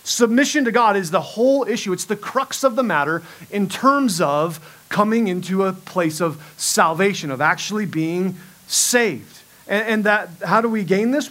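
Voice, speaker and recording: A man's voice: high-pitched, normal speed, fairly bright tone. A middle-aged man preaching a sermon as pastor, earnest, often repeating himself as he restarts a thought.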